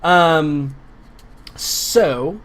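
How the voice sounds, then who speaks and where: A man's voice: on the high side, very slow, fairly bright tone. A man narrating a tabletop game as game master, in loose narration full of fillers.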